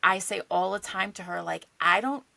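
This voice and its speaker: A woman guest on a podcast, a parenting coach, telling stories in an earnest, lively way. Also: fairly low pitch, normal speed, vocal fry, dry recording. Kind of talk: casual chat.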